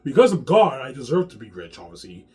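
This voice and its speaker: A man's voice: medium pitch, huge pitch swings, fast, husky. A man rambling in an agitated monologue to the camera, swearing often and repeating his words. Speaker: vlogger.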